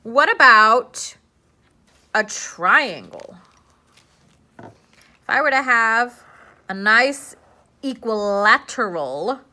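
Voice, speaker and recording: A woman's voice: medium pitch, vocal fry, sharp tone. A young woman teaching a classroom lesson, chatty and playful, asking her students questions as she works.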